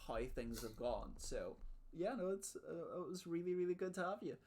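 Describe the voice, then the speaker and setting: A man's voice: on the high side, animated, normal speed, a little mellow. A man hosting a tabletop gaming podcast, chatting casually with some stammers. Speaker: podcast host. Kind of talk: casual chat about a tabletop campaign.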